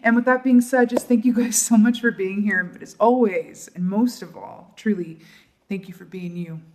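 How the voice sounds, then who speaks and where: A woman doing a tarot reading for her viewers, talking softly and emotionally, with many fillers and trailing pauses. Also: mid-range voice. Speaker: tarot reader. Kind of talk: casual tarot reading to camera.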